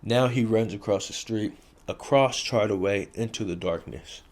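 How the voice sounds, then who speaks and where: A man's voice: fairly low pitch, normal speed, darkish tone. A man telling a story from his past in blunt, profane street talk, repeating key phrases for effect. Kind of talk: casual street storytelling to camera.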